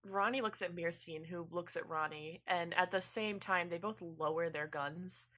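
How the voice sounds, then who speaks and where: A woman's voice: on the low side, moderate pace, pushed and bright. A woman narrating a tabletop game as game master, in a rambling, playful way.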